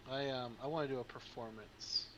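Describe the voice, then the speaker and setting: A man playing a tabletop game, rambling and animated as he explains his moves. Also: medium pitch, fairly quick, dull audio, noisy background. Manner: rambling, animated, lots of fillers. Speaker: player.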